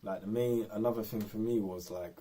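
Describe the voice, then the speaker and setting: Guy, low and husky, rambling candid vlog talk. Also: fairly even intonation, brisk, warm tone. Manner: rambling and candid, lots of fillers. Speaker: vlogger. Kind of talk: unscripted personal vlog.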